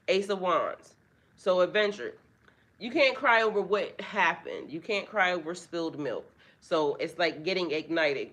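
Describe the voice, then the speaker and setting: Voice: mid-range voice, sing-song, normal speed, sharp tone. A spiritual tarot reader giving a casual live reading, chatty and profane, greeting viewers by name.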